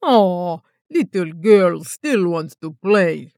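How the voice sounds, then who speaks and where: A woman's voice: on the low side, expressive, slow pace, darkish tone, no room sound, studio quality. A woman voicing a crazed, deranged male hunter who speaks in a heavy put-on Russian accent, cooing and taunting.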